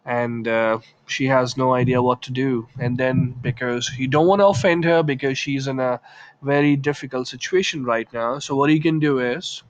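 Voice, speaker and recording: A man's voice: medium pitch, moderate pace. A man teaching English in a casual video lesson, chatting through examples and acting out short lines.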